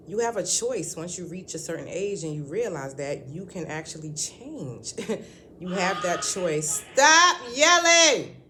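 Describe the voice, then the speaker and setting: A woman's voice: low-pitched, noisy background. A woman at home talking to her channel in a casual vlog, rambling and candid with lots of ums and restarts. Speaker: vlogger. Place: at home indoors.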